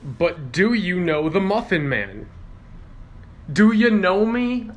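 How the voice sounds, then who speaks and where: Excited dude vlogging, high voice swinging all over, cussing a lot. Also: male voice, slow pace. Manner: hyped and swearing, loud exclamations. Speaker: streamer. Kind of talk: casual phone vlog.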